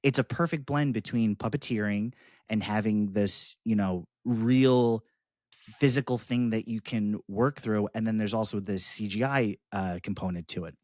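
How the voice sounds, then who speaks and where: A man with a lowish voice co-hosts a casual movie podcast, circling his points with plenty of "like" and "um." The sound is dry and close, with no room around it. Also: moderate pace, a little mellow, no echo. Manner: rambling, many fillers and restarts. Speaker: podcast co-host. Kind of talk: casual film review chat.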